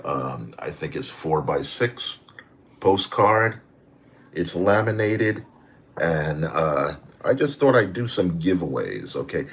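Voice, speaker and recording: A deep-voiced man in his sixties talks to his livestream from home. He rambles in a friendly, animated way and corrects himself as he goes. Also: creaky. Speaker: caricature artist hosting a livestream. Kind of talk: casual live stream chat.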